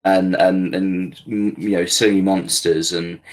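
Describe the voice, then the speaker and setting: A man co-hosting a podcast in casual review chat, speaking haltingly with many restarts. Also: deep voice, steady tone, low-quality recording. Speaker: podcast co-host.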